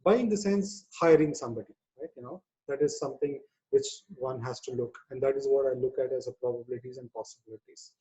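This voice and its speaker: A man's voice: mid-range voice, quick pace, few pauses, mellow, muffled recording. A man speaking as a webinar presenter on people management, conversational, with many "you know" fillers. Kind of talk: webinar talk.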